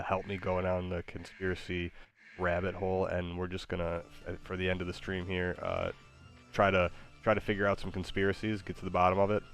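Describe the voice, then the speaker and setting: A man hosting a stream in casual chat, goofy and playful, often hesitating with uhs. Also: low-pitched. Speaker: streamer host.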